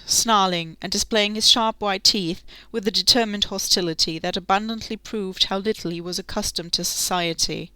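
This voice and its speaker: A woman narrating a classic novel as an audiobook, steady and clearly enunciated. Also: medium pitch, no room sound.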